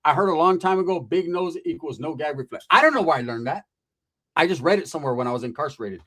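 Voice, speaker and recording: Give me a man telling a raunchy comedic story in slang, with a high, very lively voice. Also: fast. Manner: profane, slangy and animated, acting out quoted voices.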